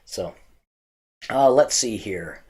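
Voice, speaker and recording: A man hosting a church comedy night, telling corny jokes in a halting way with many fillers and restarts. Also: lowish voice, lively intonation, darkish tone. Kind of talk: casual joke telling to camera.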